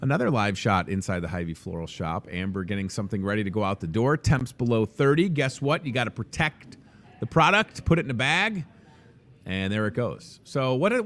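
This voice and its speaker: A man's voice: medium pitch, a bit bright. Chatty guy hosting a store promo, voice bouncing up and down a lot, goofy and upbeat. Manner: jokey, rambling, upbeat. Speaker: store show host. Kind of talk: casual live promo chat. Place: inside a grocery store.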